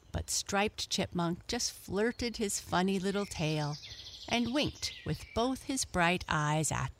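Slow, expressive woman reading a story. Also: lowish voice, slight background noise. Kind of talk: children's story read-aloud.

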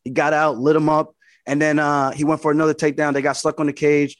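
A man's voice: fairly high pitch, flat delivery, quick pace, no room sound, studio quality. A man, a fighter being interviewed, telling his fight story in casual talk. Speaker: fighter guest.

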